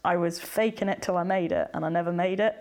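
A woman's voice: lowish voice, fairly even intonation, fast, vocal fry, darkish tone. A young woman from England speaking candidly as an interview guest, retelling her experiences and acting out her past thoughts. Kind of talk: personal testimony in conversation.

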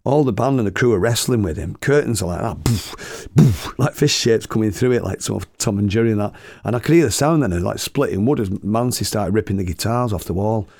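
A man with a gravelly voice telling a comic story, swearing and chuckling as he goes. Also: fairly low pitch, fairly quick, a little mellow, no room sound, studio quality. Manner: swearing, chuckling anecdotal delivery.

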